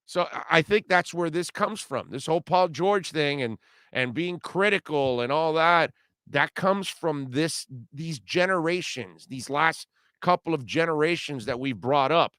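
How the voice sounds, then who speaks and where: A middle-aged man rants through a talk radio monologue in a blunt, slangy way. His voice sits high and sounds bright and clean. The sound is dry and close, as from a studio microphone. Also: expressive, unhurried, smooth, no echo. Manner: blunt, ranting, casual slang. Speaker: radio show host.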